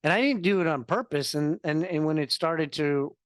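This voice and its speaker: A man's voice: a little high, normal speed, no room sound, clean studio sound. Earnest man telling his story. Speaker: podcast guest. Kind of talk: candid interview talk. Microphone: video call.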